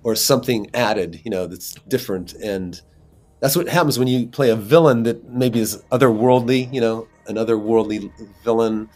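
A man, an actor, chatting as an interview guest and telling lively stories with frequent laughs. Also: medium pitch, moderate pace. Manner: animated storyteller, laughs often. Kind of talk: casual interview chat.

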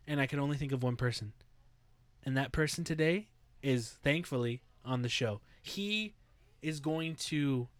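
A man's voice: mid-range voice, no room sound. A man hosting a casual podcast, hyped and teasing in tone. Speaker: podcast host.

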